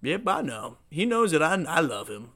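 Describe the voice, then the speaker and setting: A man's voice: a little high, big pitch swings, normal speed, bright, forceful tone, full character voice. A man voicing a smug, laid-back male God figure who talks casually and crudely. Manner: casual, crude, self-satisfied.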